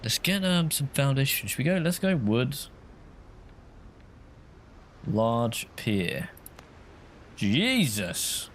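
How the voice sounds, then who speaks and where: A man's voice: medium pitch, very animated, takes it slowly, slight background noise. A man chatting casually while he streams a game, rambling and answering viewers' comments. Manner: chatty, rambling, reads chat aloud.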